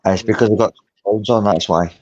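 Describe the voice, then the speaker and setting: A man's voice: fairly low pitch, fairly even intonation, fairly quick, a little mellow. A man in a casual voice chat, rambling, slangy and swearing a lot. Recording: dull garbled online call audio.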